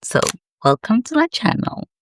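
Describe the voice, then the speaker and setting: A woman's voice: normal speed, slight background noise. A woman in her thirties talking to camera in a reflective late-night vlog, personal and emphatic. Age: 30s. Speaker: vlogger.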